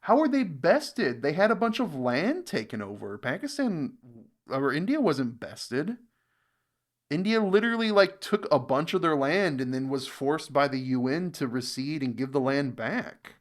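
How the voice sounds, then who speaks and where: A man's voice: on the high side, big pitch swings, moderate pace. Casual American man reacting aloud. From United States. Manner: thinking aloud, reading comments, fillers. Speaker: reaction channel host.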